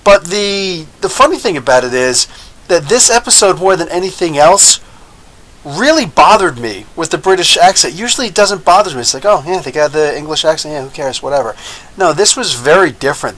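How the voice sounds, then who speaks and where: An American man rambles through a casual episode review as the host of a live show. He talks in an animated way with a fairly high voice, stacking up restarts and asides. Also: rough recording. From United States. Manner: animated, rambling, with frequent laughs and mock voices.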